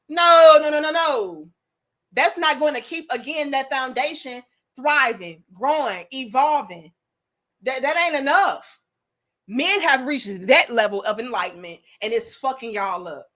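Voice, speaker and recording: A young adult woman hosts her own commentary, delivering a blunt, profane, preachy rant. Her voice sits high for a woman, and her tone is bright and sharp. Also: a little slow. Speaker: commentary host. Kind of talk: ranting video commentary.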